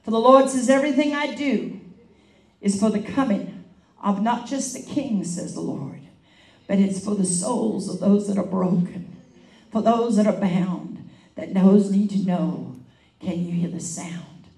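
A woman's voice: mid-range voice, measured pace, a little mellow, distant mic. Fervent woman evangelist in an echoey hall. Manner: fervent, rhythmic preaching with swells in volume. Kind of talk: charismatic sermon with prophetic prayer. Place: church meeting hall.

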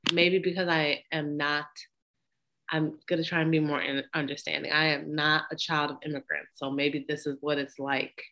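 A woman's voice: deep voice, flat delivery, moderate pace, bright, forceful tone. A woman co-hosting a podcast, recapping a movie in casual chat, blunt and laughing often as she acts out the characters' lines. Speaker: podcast co-host.

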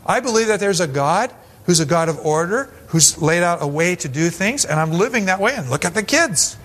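A man's voice: high-pitched, animated, fairly quick, a bit bright. A man pastor giving a sermon in a conversational style, acting out quoted voices as he goes and often restarting his sentences.

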